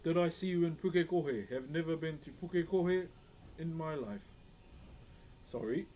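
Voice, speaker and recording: Chatting with live-stream viewers as he carves wood, this New Zealand man speaks at normal speed in a mellow voice on the high side. He's laid-back, greets people as bro, and slight background noise can be heard.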